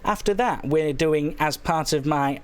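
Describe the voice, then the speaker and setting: A man hosts a comic late-night phone-in, his voice pitched a little high and slightly hoarse. He rambles through absurd claims with deadpan silliness. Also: a little slow. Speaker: phone-in show host.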